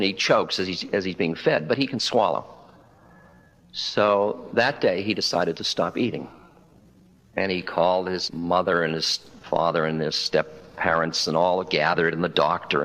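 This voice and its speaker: A man's voice: low voice, a bit bright, poor audio. A man in his sixties giving a spiritual talk, telling stories in a conversational, wry way and quoting the dialogue. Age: 60s. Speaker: spiritual teacher. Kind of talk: public talk with storytelling. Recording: 1992 lecture recording.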